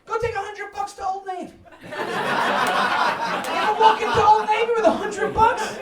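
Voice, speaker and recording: A stand-up comic who swears freely and punches his lines with loud bursts. His voice sits high for a man. He is recorded from a distance in an echoey apartment, with a crowd laughing around him. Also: a little slow, heavy background noise. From United States. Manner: energetic, profane, loud punchy outbursts. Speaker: stand-up comedian. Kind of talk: stand-up comedy set. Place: New York apartment with live audience. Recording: echoey room, mic at distance, audience laughter.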